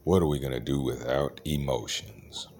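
Deep-voiced man delivering a profane rant. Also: steady tone, normal speed, a little mellow, slight background noise. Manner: profane, ranting, swings from low mutter to raised outbursts. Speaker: ranting host.

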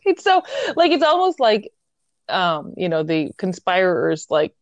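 An animated woman chats about a book she has read, jumping in with lively commentary and laughs. Her pitch sits in the normal middle range for a woman. The sound is a little dull and lo-fi, but dry and close. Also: measured pace, no echo. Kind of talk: casual book discussion.

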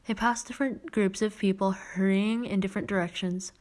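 A woman's voice: medium pitch, steady tone, brisk, a little mellow. Woman podcast host, mid-range voice, unpolished read-aloud of a children's book. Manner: occasional stumbles and self-corrections. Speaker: podcast host reading a story. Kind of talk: reading a children's novel aloud.

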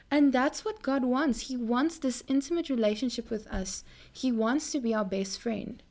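Earnest young woman giving a faith talk. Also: moderate pace. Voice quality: earnest, repeats words when stressed. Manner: animated pitch jumps. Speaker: christian speaker.

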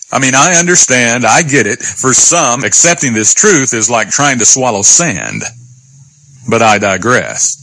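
Guy preaching on radio, emphatic, bright and a bit husky, dry sound. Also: medium pitch, no echo, low-quality recording. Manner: emphatic, slow scripture reading. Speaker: radio Bible teacher. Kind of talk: radio sermon.

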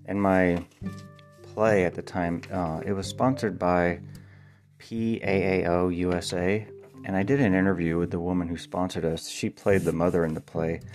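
Male playwright, deep voice, loose spoken monologue, pauses and spells words out. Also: fairly even intonation, a little mellow, faint music behind. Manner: thinks aloud with ums, spells words letter by letter. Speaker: playwright and podcast host.

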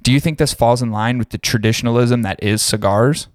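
A man's voice: mid-range voice, fairly quick, no echo, studio quality. Angry man ranting, profane. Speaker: podcast co-host. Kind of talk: casual podcast rant.

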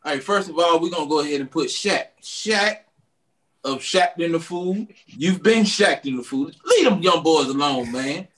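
A man co-hosting a casual podcast, animated and slangy as he trash-talks. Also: fairly high pitch, moderate pace. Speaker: podcast co-host. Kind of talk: casual banter.

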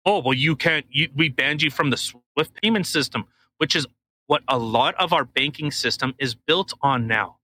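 A male podcast co-host in a casual, jokey chat who wanders through news articles as he reads them aloud. His voice is fairly high, bright and forceful. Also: normal speed.

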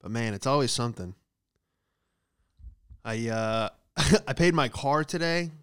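Smooth-voiced man riffing comedically. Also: mid-range voice, expressive, measured pace, fairly bright tone. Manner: casual, profane, exaggerated riffing. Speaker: comedian host. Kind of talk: comedic monologue.

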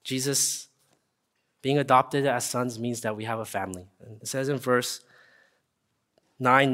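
A young man preaching a casual, earnest sermon, often checking in with listeners with a quick "right?". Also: medium pitch, steady tone, fairly bright tone. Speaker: pastor. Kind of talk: conversational sermon.

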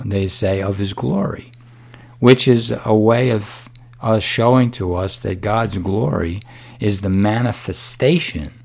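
A middle-aged man preaching a sermon, unhurried and emphatic, dropping to a whisper at times. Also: on the low side, a little mellow.

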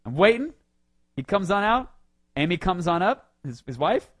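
Animated higher-voiced man telling stories. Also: normal speed, husky. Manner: animated, swings loud and quiet. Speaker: podcast host. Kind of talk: casual comedic storytelling.

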